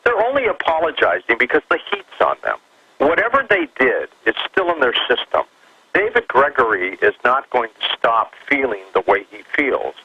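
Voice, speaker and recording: A man joining a talk radio show as a guest, speaking in a lively, indignant way with stammering restarts, heard over a dull phone line. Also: medium pitch, normal speed, slightly rough.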